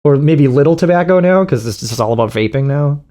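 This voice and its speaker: A man's voice: on the high side, animated, fast, mellow. A man giving casual reaction commentary as a streamer, profane and mocking, laughing often.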